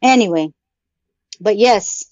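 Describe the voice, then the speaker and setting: A woman's voice: medium pitch, animated, slow, darkish tone, no echo. A woman co-hosting a podcast, swearing constantly and ranting in mock anger in casual chat. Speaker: podcast co-host. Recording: dull lo-fi sound.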